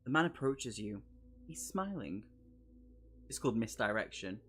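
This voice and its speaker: A man's voice: mid-range voice, sing-song, normal speed, a bit bright. A man on a live stream, reading a solo gamebook aloud and breaking off for jokey asides and laughs. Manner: chatty and jokey, laughing asides between read passages.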